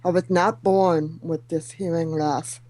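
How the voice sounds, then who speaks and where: A middle-aged woman guest whose speech is shaped by hearing loss, with high sounds softened or missing, telling her story with self-deprecating humor. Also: fairly even intonation, measured pace, low-quality recording. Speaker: guest speaker. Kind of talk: talk show interview.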